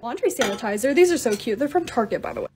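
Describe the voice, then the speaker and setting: Bubbly high-voiced woman vlogger. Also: rapid-fire, background noise. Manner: bubbly, excitable, self-mocking. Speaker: lifestyle creator. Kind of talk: voice-over for short DIY and restock videos.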